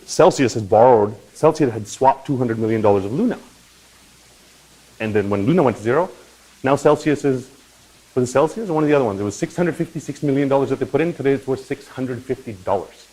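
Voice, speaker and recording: Animated man explaining in casual chat. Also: medium pitch, a little fast, rough recording. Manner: animated, swings into loud mock voices and profanity; conversational with frequent "right?" and "okay?". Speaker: crypto channel host.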